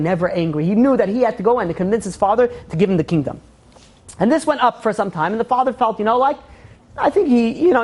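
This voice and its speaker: Man casually telling a parable. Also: high-pitched. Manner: casual, animated retelling full of "you know". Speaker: rabbi. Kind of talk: storytelling lecture.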